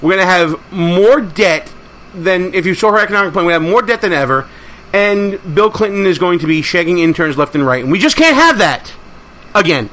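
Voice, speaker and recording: A man's voice: high-pitched, lively intonation, brisk, a bit bright. A man hosting a political talk show, speaking in an emphatic, rallying, conversational way. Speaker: host.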